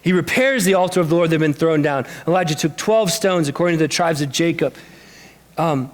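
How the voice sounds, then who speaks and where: A man preaching a sermon as pastor, telling a Bible story in a lively, animated way and acting out the characters' lines. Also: a little high, a little fast. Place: church sanctuary.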